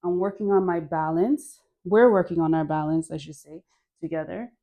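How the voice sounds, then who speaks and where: This dance instructor, a young woman, talks her home class through the moves at normal speed, cheering the viewer on. Her lowish voice stays mellow and relaxed, with soft sighs between cues.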